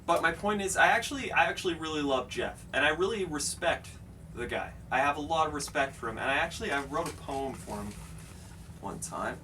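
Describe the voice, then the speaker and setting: A man giving a deadpan comedic interview, halting and earnest, stumbling over repeated words. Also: on the high side. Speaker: interviewee in a mock documentary. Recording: distant mic with steady ambient noise.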